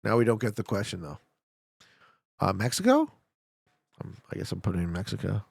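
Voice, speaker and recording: A Canadian man with a fairly low, creaky, husky voice talks a little fast while live-streaming a game. He chats casually and profanely with viewers, jokes around, and gets worked up over his guesses, in clean studio sound with no room tone.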